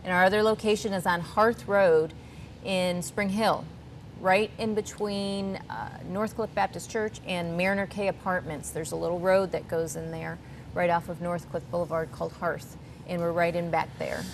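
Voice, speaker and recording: A woman's voice: on the low side, fairly even intonation, moderate pace, vocal fry, a little hiss or hum. Earnest, chatty woman guest. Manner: earnest, chatty, slightly rambling. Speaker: guest from a youth charity. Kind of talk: TV talk-show interview. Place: cooking show set.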